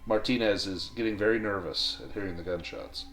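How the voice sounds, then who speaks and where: A man as game master of a tabletop western game, calmly explaining the rules step by step. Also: on the low side, a little fast.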